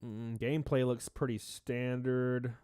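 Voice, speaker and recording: A man's voice: medium pitch, flat delivery, unhurried, smooth, dry recording, studio quality. A man hosting a casual livestream, rambling and reading out chat names, stuffy-nosed and a little out of breath. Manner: rambling, reads chat names aloud, shouts out donors. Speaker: livestream host.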